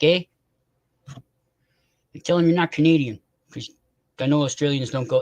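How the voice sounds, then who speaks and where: A man's voice: on the high side, normal speed, long pauses. A man hosting a casual live stream, rambling and swearing in exasperation while he chats with viewers.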